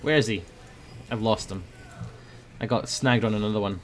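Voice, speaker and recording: A young man giving playful commentary over a video game, breaking into loud high yells when the action heats up. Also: normal speed, slight background noise. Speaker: gaming video host. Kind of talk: casual gameplay commentary.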